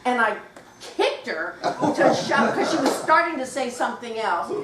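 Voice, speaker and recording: A woman in her sixties, a guest author telling anecdotes to a live audience at a bookshop, animated and acting out voices as she goes. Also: fairly high pitch, a little slow. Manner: animated, acts out quoted voices, laughs while telling. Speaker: guest author at a book talk. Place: bookshop event room. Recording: roomy, distant mic, faint noise.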